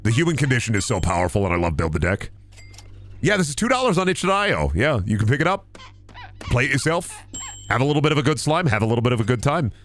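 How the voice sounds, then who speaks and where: A hoarse man chatting casually over gameplay, dropping deadpan jokes as a co-host on a stream. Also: medium pitch, fast talker, faint music behind.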